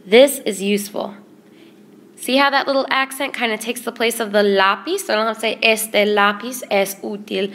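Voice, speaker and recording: A woman teaching a Spanish grammar lesson in English, explaining patiently and repeating word lists slowly. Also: on the high side, fairly even intonation, a bit bright.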